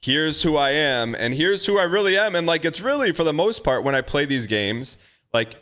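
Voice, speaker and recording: Male streamer, animated pitch, playful and impulsive chatter. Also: normal speed, clean tone. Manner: playful, impulsive, laughs often. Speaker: live streamer. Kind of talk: casual chat.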